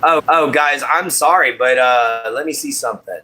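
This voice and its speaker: Bright-voiced man chatting on a livestream. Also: medium pitch, moderate pace. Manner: greets viewers by name, apologetic about audio. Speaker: livestream host. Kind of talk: casual livestream chat while crafting.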